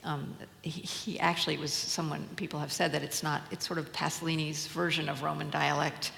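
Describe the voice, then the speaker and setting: An older woman with a low, gravelly voice, answering audience questions in a hesitant way, full of fillers and restarts. Her voice echoes around a large hall, and faint room ambience sits behind it. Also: little pitch movement, brisk, fairly bright tone. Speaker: translator guest. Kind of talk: onstage Q&A conversation. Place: lecture hall at a public event.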